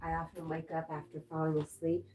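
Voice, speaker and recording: Woman, livestream host, low mellow voice, reads chat comments aloud, talks to her dog. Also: monotone, brisk, slight background noise. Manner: reads viewer comments aloud and replies chattily.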